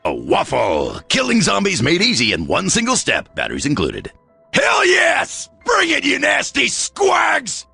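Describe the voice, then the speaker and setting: An actor playing a brash, wisecracking soldier in a video game, trash-talking with loud whoops in a gravelly, raspy voice. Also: male voice, sits high, wildly swooping pitch, measured pace, soft background music, exaggerated voice. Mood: gung-ho.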